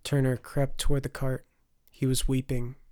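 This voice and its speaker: Guy reading a fantasy audiobook, mid-pitch, measured, dry close mic. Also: little pitch movement, a little mellow, smooth, dry recording. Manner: measured storytelling, voices the characters. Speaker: audiobook narrator. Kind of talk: scripted fantasy narration.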